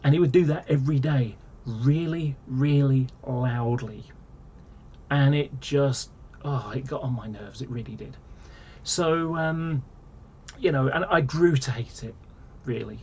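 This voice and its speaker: A man's voice: medium pitch, a little slow, a little mellow, dull audio, a little hiss or hum. A man ranting casually to camera, rambling and exasperated, full of fillers and restarts. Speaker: vlogger.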